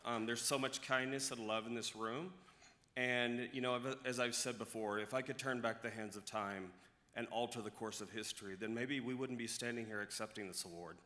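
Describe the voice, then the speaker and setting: A man's voice: medium pitch, steady tone, moderate pace, sharp tone. A man accepting an award at a gala, speaking humbly and from the heart without a prepared speech. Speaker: award recipient, chamber of commerce leader. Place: large gala ballroom. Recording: reverberant hall sound.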